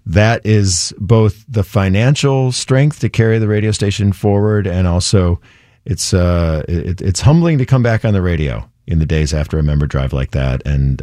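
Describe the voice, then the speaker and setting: A man's voice: deep voice, dark tone, dry recording, clean studio sound. A man working as a radio DJ, chatting casually between songs, thanking listeners, with fillers and a playful, teasing way of talking. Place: radio studio. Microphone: studio microphone.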